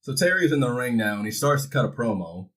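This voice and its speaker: Brief: man doing an irreverent recap vlog, jokey and loose, swears a lot, mid-pitched voice. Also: sing-song, quick pace, a bit bright, low-quality recording. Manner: irreverent, joking, swears freely. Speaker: wrestling recap vlogger. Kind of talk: casual show recap with acted quotes.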